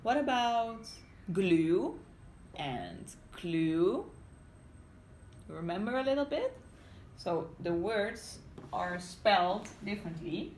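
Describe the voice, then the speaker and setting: A woman's voice: medium pitch, big pitch swings, slow, a little mellow. A woman teacher giving a phonics lesson to young children, asking patient, coaxing questions and reading a story aloud. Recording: roomy home recording with faint hiss.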